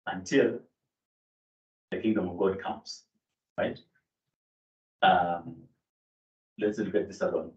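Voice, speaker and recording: A man with a lowish voice lectures on grammar in a classroom, pausing on fillers and correcting himself as he goes. He sounds set back from the mic, with a roomy echo and a dull, muffled tone. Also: fairly even intonation, a little mellow. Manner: explanatory, with fillers and self-corrections. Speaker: Greek lecturer. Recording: echoey room, distant mic, dull sound.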